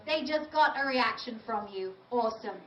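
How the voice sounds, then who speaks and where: Woman trainer addressing a crowd, high and direct, recorded at a distance in a roomy hall. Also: animated, normal speed, fairly bright tone. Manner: chatty, direct, emphatic. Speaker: dog trainer giving a lecture. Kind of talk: live lecture to an audience. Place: large event venue. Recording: roomy, distant, dull audio with faint noise.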